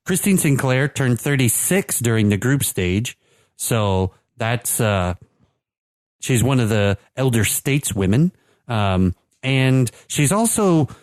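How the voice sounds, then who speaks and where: Casual soccer talk from a male podcast co-host, who keeps restarting sentences and dropping fillers as he chats. His pitch is medium. The sound is studio quality, with no echo.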